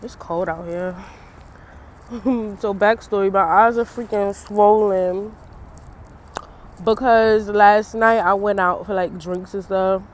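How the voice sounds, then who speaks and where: A young vlogger chats to her camera outdoors in the cold, loose and laughing often despite eyes swollen from crying. Her voice is medium-pitched and fairly even, her pace slow, with slight background noise.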